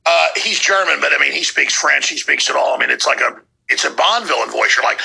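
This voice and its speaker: A man's voice: medium pitch, fairly quick, vocal fry, bright, forceful tone, slightly rough, low-quality recording. A man hosting a podcast, ranting with heated sarcasm between played clips. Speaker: podcast host. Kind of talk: ranting commentary over clips.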